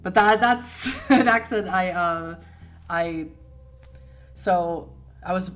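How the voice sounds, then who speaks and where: A woman's voice: on the low side, takes it slowly. Chatty Boston woman on a livestream. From Boston, United States. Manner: chatty, laughs often, warm and rambling. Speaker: streamer host answering chat. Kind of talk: casual livestream chat.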